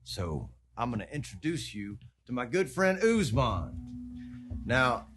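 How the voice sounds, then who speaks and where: An actor playing a crook who interrogates a captive with slow, mocking menace and quick impatience. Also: male voice, mid-range voice, very animated, a bit bright. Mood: menacing.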